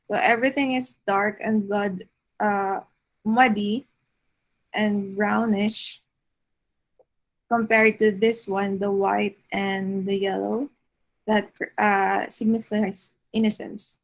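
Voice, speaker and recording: Woman, art lecturer, slow delivery, fillers and restarts, mid-pitched voice. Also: little pitch movement, low-quality recording. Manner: unhurried, many fillers and restarts.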